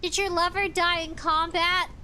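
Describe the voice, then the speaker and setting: A woman's voice: very high-pitched, level tone, normal speed, sharp tone, a little hiss or hum. A woman live-streaming a game in casual chat, giggling as she reads chat messages and game text aloud. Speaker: VTuber streamer.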